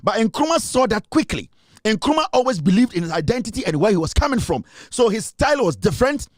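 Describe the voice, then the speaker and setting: A man's voice: sits high, big pitch swings, brisk, dry recording, studio quality. A man with a Ghanaian accent delivering a heated, scornful political rant, repeating himself and mixing in Twi. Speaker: political commentator.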